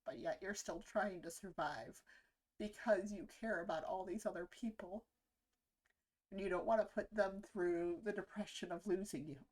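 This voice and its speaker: A woman hosting a reaction video, talking earnestly and reflectively in a casual way, with halting pauses. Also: medium pitch, fairly even intonation, darkish tone. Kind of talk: casual spoken reaction commentary.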